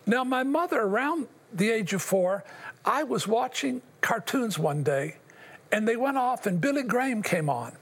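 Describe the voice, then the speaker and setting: Older male guest, husky tone, earnest and halting, testimony-style storytelling. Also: very high-pitched, animated. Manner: earnest, halting, with long pauses. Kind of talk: personal testimony in an interview.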